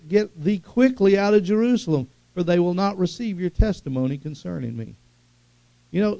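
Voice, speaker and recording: Gravelly, animated preacher man. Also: a little high, dry recording. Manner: animated preaching, swings from loud calls to hushed asides. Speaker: pastor. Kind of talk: sermon. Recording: dull lo-fi sound.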